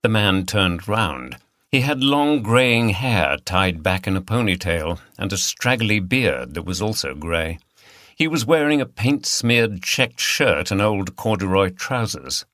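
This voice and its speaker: Reading scripted narration for a mystery audiobook, this fairly low-pitched man keeps his storytelling measured and even. The recording is dry with clean studio sound.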